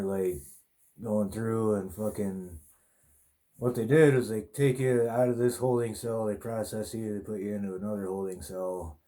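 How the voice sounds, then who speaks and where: Podcast host, man, rambling profane storyteller, very dark, mellow tone, lowish voice. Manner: rambling, heavy swearing. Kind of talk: casual storytelling.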